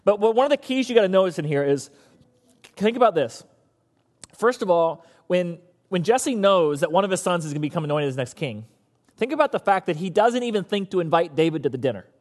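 Preacher guy, high voice, acts out the bible people, big echoey church hall. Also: fairly quick. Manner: animated storyteller acting out characters. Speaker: pastor. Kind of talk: sermon.

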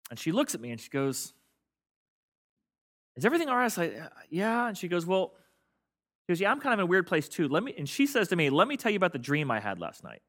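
A male pastor with a bright, slightly high voice preaches in a loose, conversational way, cracking jokes. He leads his congregation through call-and-response lines, and his delivery sounds relaxed and friendly. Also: fast talker. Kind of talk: sermon. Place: church sanctuary with congregation.

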